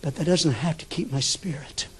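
An older man preaching a sermon as a pastor, telling stories with sudden shifts between loud bursts and hushed asides. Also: fairly high pitch, normal speed, slight background noise.

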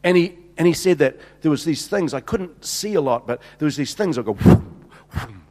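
A middle-aged man preaching and telling a story in an animated way, repeating words and acting out the dialogue. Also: a little high, moderate pace. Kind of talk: sermon storytelling. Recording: long hall reverb.

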